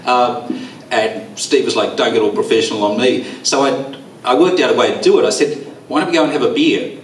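A man giving a rambling, halting memorial speech, teary, with a quaver in his voice. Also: mid-range voice, animated, slight background noise. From Australia. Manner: rambling, halting, with many fillers. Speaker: eulogy speaker. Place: bowls club hall. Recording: echoey room, far from mic.

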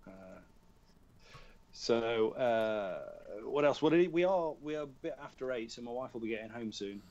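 A man's voice: mid-range voice, animated, a little slow, darkish tone, highs cut off. Chatty British man on a video call. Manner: chatty, talks through what he is doing, laughs at himself. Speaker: guest voice actor. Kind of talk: casual podcast chat over a video call. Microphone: tablet on a video call.

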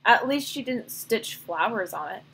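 A woman reading the lines of a harsh, scornful male German soldier in a storybook, with a slightly breathy voice. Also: on the high side, expressive, measured pace, a bit bright, heavily acted, rough recording. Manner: scornful, snapping.

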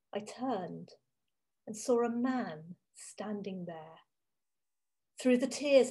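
A woman giving a first-person dramatic monologue as a grieving, devoted woman disciple from ancient times, telling it slowly and with emotion. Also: fairly high pitch, warm tone. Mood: awed. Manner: slow, emotional, intimate storytelling. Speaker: church reader.

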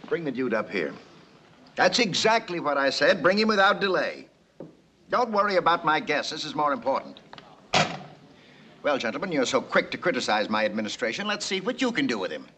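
An actor playing a pompous, indignant city mayor in a 1960s film comedy. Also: male voice, fairly high pitch, sing-song, brisk, long pauses, noisy background.

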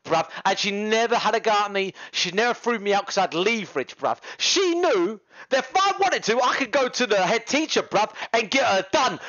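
Slangy British man, lively rambling. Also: high-pitched, no echo, dull audio. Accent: British English. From United Kingdom. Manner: rambling, slangy storytelling with swearing. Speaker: livestreamer. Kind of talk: casual livestream chat.

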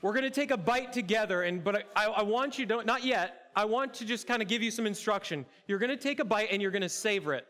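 A high-pitched male pastor delivers his sermon in a church auditorium. He's playful and interactive, talking straight to the people in the seats. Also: quick pace, hardly any pauses, pushed and bright. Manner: playful, interactive, addresses congregation directly. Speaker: campus pastor.

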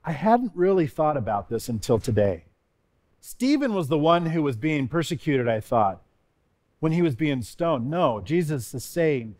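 A man's voice: a little high, very animated, unhurried, a little mellow. A man as a pastor giving an earnest devotional sermon, reading scripture with rising emphasis.

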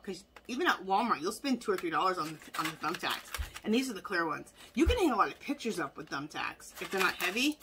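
A woman's voice: lowish voice, background noise. A woman hosting a casual haul video at home, chatty and enthusiastic, gushing over cute craft finds.

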